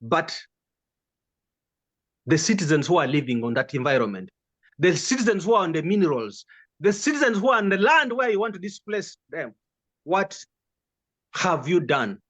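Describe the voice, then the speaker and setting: A man with a Ugandan English accent speaks in a high, ringing register. He argues with passion and builds his case through one rhetorical question after another. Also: animated, moderate pace, pauses often, a bit bright. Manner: emphatic, with stacked rhetorical questions. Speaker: guest commentator. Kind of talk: impassioned political commentary.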